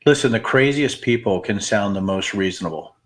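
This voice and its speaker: A man co-hosting a podcast in casual chat, animated and jokey, his voice jumping up high when he gets worked up. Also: brisk. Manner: animated, jokey, breaks into big pitch jumps. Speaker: podcast co-host.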